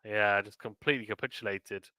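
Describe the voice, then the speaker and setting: A man's voice: lowish voice, steady tone, fairly quick, pushed and bright, smooth, no echo. A young man commentating a tennis match on a live stream, reading viewer comments aloud and chatting between points. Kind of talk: casual play-by-play and chat reading.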